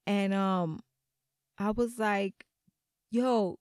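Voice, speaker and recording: Animated, profane woman telling a story. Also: mid-range voice, unhurried, creaky, no echo, studio quality. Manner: animated, profane, laughs often. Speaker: podcast co-host. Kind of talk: casual storytelling chat.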